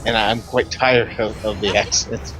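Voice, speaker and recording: A man's voice: on the low side, level tone, unhurried, a bit bright, low-quality recording. A man from the American South, teasing wryly in casual chat over a game stream. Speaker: livestream co-player.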